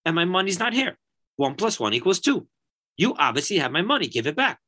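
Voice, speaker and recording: A man voicing an angry rich man who accuses a rabbi of theft, in a loud accusing tone. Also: high-pitched, sing-song, a little fast, full character voice. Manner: shouting, accusing.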